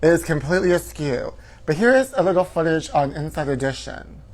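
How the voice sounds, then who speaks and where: A man hosting a comedy show, telling a campy, theatrical story, calling his listeners honey and breaking into shouted quotes. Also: a little high, fairly quick, low-quality recording.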